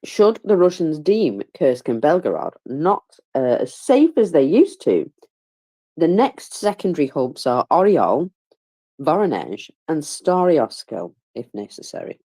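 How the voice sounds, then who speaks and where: A woman with a low voice that swings widely in pitch, talking through a war update in a loose, chatty way. She sounds tired and keeps stifling yawns, yet stays wry and pokes fun at herself between fillers and asides. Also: very animated, a little slow, mellow. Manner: wry, self-mocking humor. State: tired, yawning. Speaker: war commentator. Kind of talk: casual live audio-room commentary.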